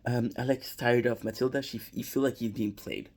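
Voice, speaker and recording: Rambling man recapping a video, husky. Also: mid-range voice, fairly even intonation, brisk, a little mellow. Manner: rambling, repeats "right?", frequent restarts and laughs. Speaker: commentator recapping a prank call video. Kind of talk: casual reaction commentary.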